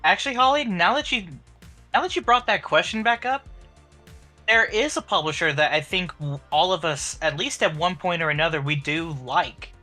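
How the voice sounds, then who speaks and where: A young man with a bright, somewhat high voice chats on a casual podcast. He is eager and joking and often trails off mid-sentence. Faint music sits behind him. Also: moderate pace. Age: young adult. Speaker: podcast co-host. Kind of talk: casual chat.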